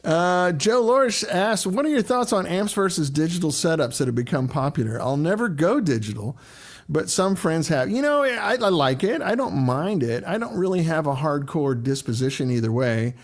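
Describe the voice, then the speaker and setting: A man's voice: a little high, lively intonation, moderate pace. A middle-aged man hosting a casual livestream, chatting loosely and greeting viewers by name as he answers their questions.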